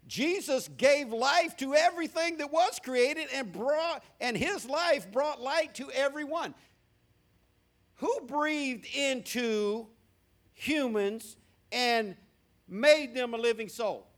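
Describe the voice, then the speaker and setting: A man's voice: very high-pitched, lively intonation, slow, a bit bright. A male pastor preaching a sermon in a church, asking the congregation questions and repeating words for emphasis. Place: church sanctuary.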